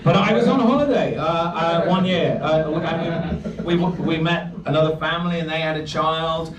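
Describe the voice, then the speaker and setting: A man in his thirties with a fairly high voice performs a rambling, self-deprecating stand-up set packed with asides, speaking at normal speed. He's a comedian at a bar's comedy night, using a handheld stage mic captured from a distance, so the audio is dull, roomy and noisy, with a loud crowd laughing.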